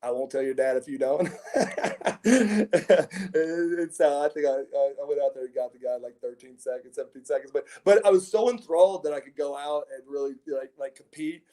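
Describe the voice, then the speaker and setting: A man's voice: fairly high pitch, animated, normal speed, warm tone. A middle-aged man, a former pro wrestler, giving an interview, telling stories casually with many repeated words, restarts and chuckles. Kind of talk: casual anecdotal storytelling.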